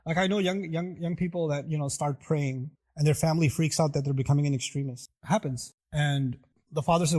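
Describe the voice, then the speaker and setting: A middle-aged man delivers a sermon in a fairly high voice. He keeps asking his listeners rhetorical questions and slips into other people's voices to act out their words. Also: a little fast, darkish tone. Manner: acts out quoted voices, rhetorical questions to the audience. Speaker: preacher.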